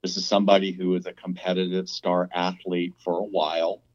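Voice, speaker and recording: A low-voiced man co-hosting a casual podcast discussion, thinking out loud and often restarting his sentences. The recording sounds a little dull and lo-fi. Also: little pitch movement, fairly quick. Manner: thinking aloud, with frequent restarts. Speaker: podcast co-host.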